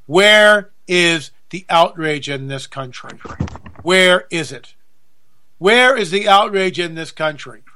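A man's voice: high-pitched, animated, slow, bright, forceful tone. A man hosting a talk radio show, delivering an indignant monologue and repeating his points for emphasis. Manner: indignant and repetitive, hammers points home.

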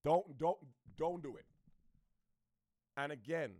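A man from the Bahamas with a Bahamian accent, ranting to camera in an animated, preachy way, repeating his points. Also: on the high side, slow pace, no echo, clean studio sound, soft background music. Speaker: social media commentator. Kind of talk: opinionated rant to camera.

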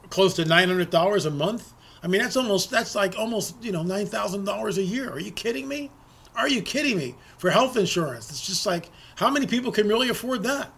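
A man's voice: high voice, a bit bright. A man hosting political talk radio, ranting indignantly and often repeating words as he restarts his sentences.

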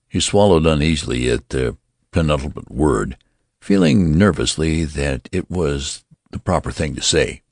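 A man narrating a story as an audiobook, with measured, expressive storytelling. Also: extremely low pitch, no echo, clean studio sound.

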